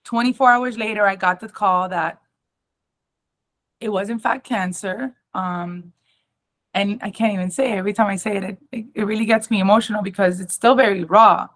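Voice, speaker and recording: A young adult woman giving a personal testimony at an awareness talk, emotional and halting, with many ums and restarts. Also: mid-range voice, steady tone, a bit bright.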